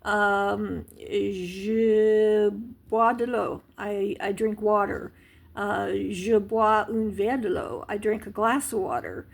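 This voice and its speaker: A woman giving a casual language lesson, patient and unhurried, with many ums and small restarts as she explains. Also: medium pitch, steady tone, vocal fry. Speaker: language teacher.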